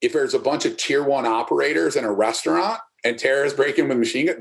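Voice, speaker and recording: A man's voice: mid-range voice, fast, vocal fry, hardly any pauses. A man who coaches strength and fitness, explaining his ideas emphatically in a podcast interview and often checking in with "right?".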